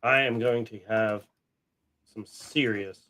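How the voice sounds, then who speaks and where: A man with a lowish, steady, sharp-toned voice speaks slowly over a faint hiss or hum. He hosts a casual coin-hunting livestream, chatting and joking with the odd swear while barking short, firm commands at his dogs.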